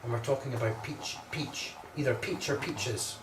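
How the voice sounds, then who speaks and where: A man serves as a medium on a ghost hunt, talking in halting, searching bursts and repeating his words. The recording is echoey and distant from the mic, with faint hum behind it. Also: mid-range voice. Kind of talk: psychic readings on a paranormal tour.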